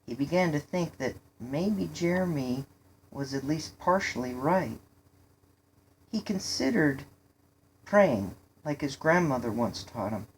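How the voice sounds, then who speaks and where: A woman with a low voice reads a storybook aloud, slowly and steadily. Her narration is even and unhurried, leaving space between phrases. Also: slight background noise. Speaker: reader. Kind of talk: storybook reading.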